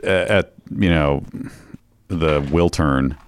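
A man's voice: rumbling low, takes it slowly, smooth. A man casually joking on a podcast, riffing with playful pedantry. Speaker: podcast co-host. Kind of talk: casual chat.

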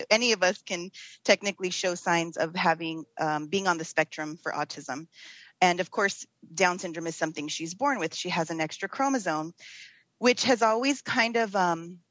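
A woman's voice: on the low side, fairly bright tone, no room sound, rough recording. A woman in her thirties, a podcast guest, talking openly and candidly in casual conversation. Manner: open, candid, lots of fillers and restarts. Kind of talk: casual interview chat.

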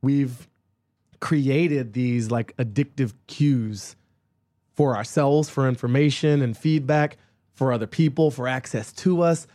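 A man speaking as an author guest in a casual conversation, animated and self-mocking, with quick jokes. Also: mid-range voice, no echo, studio quality.

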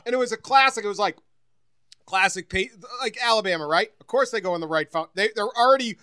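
A man co-hosting a sports podcast, telling lively stories in casual chat and laughing often. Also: sits high, fast, dry recording, studio quality. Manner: animated storyteller, laughs often.

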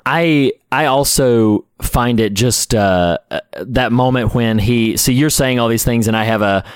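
A man's voice: mid-range voice, unhurried, clear, resonant tone, dry recording, clean studio sound. A man co-hosting a podcast, talking about a classic film with heartfelt enthusiasm. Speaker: podcast co-host. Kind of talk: casual film discussion.

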